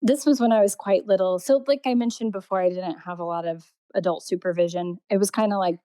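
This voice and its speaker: Woman artist, casual storytelling, mellow tone, dry close mic. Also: mid-range voice, brisk, dry recording. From Indiana, USA. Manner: rambling, full of "like" and restarts, laughs often. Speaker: artist interviewee.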